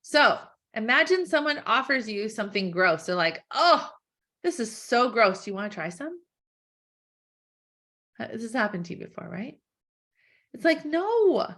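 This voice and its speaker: Animated woman coach with gasps. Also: on the high side. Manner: animated, acts out quick quoted thoughts with gasps; conversational, frequent "like" and "right?". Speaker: weight-loss coach. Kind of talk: webinar teaching.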